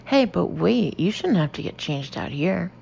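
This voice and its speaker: Brash, blunt young American shopper in an audiobook, gravelly low voice, lo-fi hiss; a woman reads her. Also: sing-song, normal speed, a little mellow, full character voice. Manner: blunt, chatty, emphatic.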